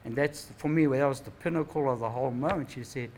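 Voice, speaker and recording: A man's voice: medium pitch, quick pace, darkish tone, a little hiss or hum, rough recording. An older man with a New Zealand accent, telling family stories in a rambling, reflective way at a gathering and often tagging his thoughts with "eh?". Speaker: speaker at a Māori knowledge gathering. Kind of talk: anecdotal storytelling talk.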